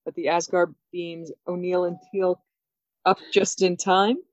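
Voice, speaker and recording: A woman co-hosting a podcast, recapping a TV episode in casual chat, animated and laughing often. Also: fairly low pitch, unhurried, dry recording. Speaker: podcast co-host. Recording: dull, dry sound.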